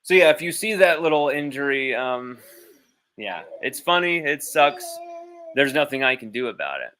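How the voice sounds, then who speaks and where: His mid-range voice swings widely in pitch, has a sharp tone, and moves at a normal speed. He hosts a sports podcast livestream at home with his child nearby, chatting casually and bluntly, rambling and swearing freely.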